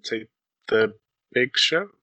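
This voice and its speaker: A man chats on a podcast in a quick, easy way. His tone is very bright and sharp, and the sound is dry and close. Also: mid-range voice, lively intonation, no echo, dull audio. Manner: quick, chatty, laughs often. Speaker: podcast co-host. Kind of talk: casual podcast chat.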